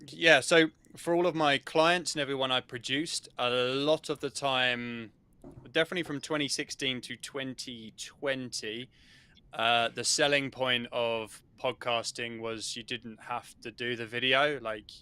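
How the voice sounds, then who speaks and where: Male producer, bright and crisp, matter-of-fact. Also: medium pitch, fairly even intonation, a little slow, no room sound. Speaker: podcast producer. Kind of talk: panel answer.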